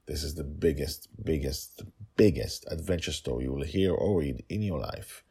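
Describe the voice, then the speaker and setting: Deep gravelly man telling a podcast story. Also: normal speed. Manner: animated, chuckling aside.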